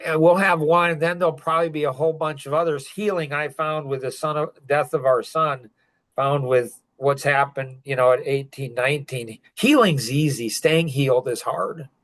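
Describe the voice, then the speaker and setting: A middle-aged man talking on a podcast with a somewhat high voice. He speaks with raw intensity and often climbs into angry, emphatic outbursts. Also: steady tone, normal speed, fairly bright tone. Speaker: podcast guest sharing his story. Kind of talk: emotional podcast conversation.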